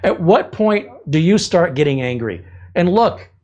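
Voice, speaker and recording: A man's voice: on the high side, big pitch swings, unhurried, a little mellow, highs cut off. A man hosting a casual livestream, ranting with exasperated sarcasm. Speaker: livestream host.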